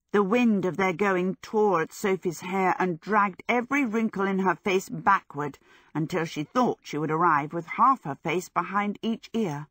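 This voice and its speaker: A woman narrating a novel as an audiobook in a measured, expressive reading. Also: fairly low pitch, no echo, studio quality. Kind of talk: scripted narration.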